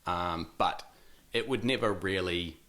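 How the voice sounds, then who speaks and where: NZ man, 30s, interview guest; low voice, relaxed and halting, lots of fillers. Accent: New Zealand. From New Zealand. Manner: hesitant, many ums and restarts, laughs easily. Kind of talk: casual interview.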